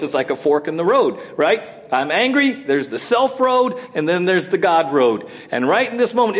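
A high-voiced, middle-aged pastor preaches a sermon conversationally, frequently checking in with "right?"

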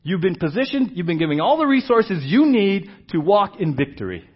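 High-voiced animated preacher man, lo-fi. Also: moderate pace, slightly rough. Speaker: pastor. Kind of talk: sermon.

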